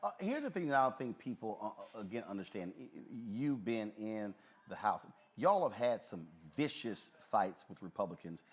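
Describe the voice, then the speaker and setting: A man's voice: fairly low pitch, big pitch swings, normal speed, husky. A man hosting a live talk show, talking in an emphatic, conversational way with frequent filler sounds.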